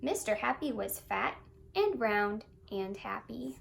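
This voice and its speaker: A woman reads a children's story aloud, her voice high and full of swooping, singsong expression. She leans into repetitions and delights in every word. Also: animated, slow pace, vocal fry, fairly bright tone, slight background noise.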